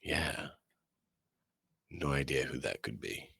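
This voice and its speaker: A man's voice: a bass voice, slow, vocal fry, sharp tone, husky, no echo. A man streaming a video game, chatting casually and rambling through his thoughts as he plays. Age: adult parent. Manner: rambling, talks through frustrations.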